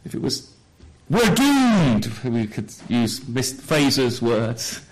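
A man preaching a sermon in a church, telling a Bible story with lively questions to the congregation. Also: medium pitch, unhurried, low-quality recording.

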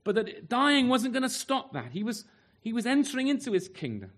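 A man's voice: big pitch swings, fairly quick. A man preaching a sermon earnestly, asking rhetorical questions and letting his voice rise and fall widely. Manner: earnest, rhetorical questions, wide swings in pitch and loudness.

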